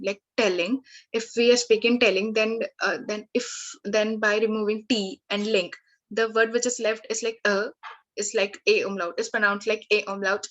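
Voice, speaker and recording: A woman language tutor giving a lesson, slowly working through word lists with frequent fillers and restarts. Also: medium pitch, fairly even intonation, a bit bright, rough recording.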